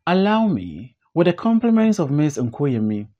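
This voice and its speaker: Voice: mid-range voice, very animated, measured pace, dull audio. A reader voicing a talkative, tipsy man in a play audiobook, with a raised, emphatic voice. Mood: mock formal.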